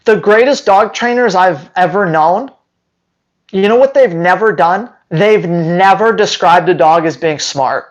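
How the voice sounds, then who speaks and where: A man's voice: high-pitched, unhurried, dull audio. A dog trainer talking to his viewers in a casual, sarcastic rant, with emphatic, rambling delivery. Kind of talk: casual opinion rant to camera.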